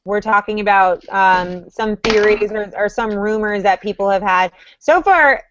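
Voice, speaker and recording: A woman's voice: mid-range voice, a little slow, highs cut off, noisy background. A woman hosting a casual online chat, steering the talk and often restarting her sentences. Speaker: livestream co-host. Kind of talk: casual group chat about a reality show.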